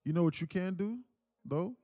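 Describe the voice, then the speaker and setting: Streamer host, young guy, warm mellow voice, dry close sound, heartfelt and rambling. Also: high voice, moderate pace, dry recording. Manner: earnest, repetitive, calls listeners "man" and "bro"; reads chat aloud. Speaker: livestream trading host. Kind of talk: casual motivational livestream talk.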